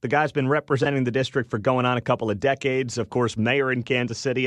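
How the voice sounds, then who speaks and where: A man's voice: medium pitch, fast talker, few pauses, a bit bright, no room sound. A young man hosting morning talk radio, chatty and sarcastic, speaking into a studio microphone. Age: young adult. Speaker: radio talk show host.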